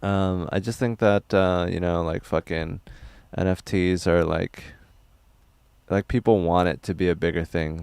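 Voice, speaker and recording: A young man livestreaming, reading chat questions aloud in a loose, rambling, crude and deadpan way. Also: low voice, creaky, clear, resonant tone, dry recording.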